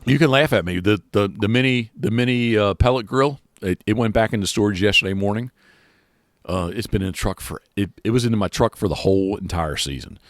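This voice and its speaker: Male podcast host, very low voice, dry close sound, loose rambling chat. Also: brisk, no room sound. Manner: rambling, many restarts and fillers. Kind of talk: casual chat.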